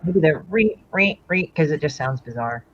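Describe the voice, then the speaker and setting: Blunt, crude woman with lively pitch. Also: moderate pace, lo-fi sound, soft background music. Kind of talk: casual livestream banter.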